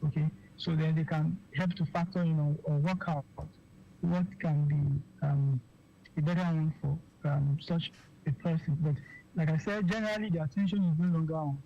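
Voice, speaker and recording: Physician guest, Nigerian English accent, dark mellow tone, hesitant, lots of fillers, dull lo-fi radio sound, faint hiss. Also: mid-range voice, fairly even intonation, normal speed, vocal fry. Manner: hesitant, repeats words, many fillers and okays. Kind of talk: radio health interview.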